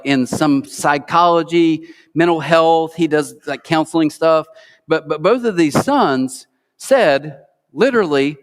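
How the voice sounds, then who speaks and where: A middle-aged American man preaching an Easter sermon, telling stories with lively acted-out quotes. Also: on the high side. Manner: animated storytelling, acts out quoted voices. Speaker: pastor. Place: large church auditorium. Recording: long hall reverb.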